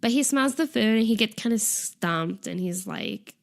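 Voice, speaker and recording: A woman's voice: mid-range voice, animated, normal speed, vocal fry. A young woman co-hosting a casual chat, retelling a show's events in a chatty way with frequent giggles and "like" fillers. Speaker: podcast co-host. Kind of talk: casual chat recapping a variety show.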